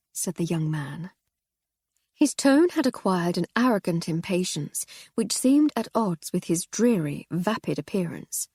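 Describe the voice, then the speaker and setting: A woman narrating an audiobook in a wry, measured storytelling manner. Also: lowish voice, vocal fry, mellow, breathy edge, no echo, studio quality.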